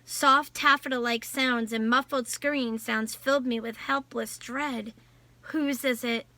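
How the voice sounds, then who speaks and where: A woman reading a novel aloud in a measured storytelling voice. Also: on the high side, steady tone, sharp tone, dry recording. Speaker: audiobook narrator. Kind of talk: scripted novel narration.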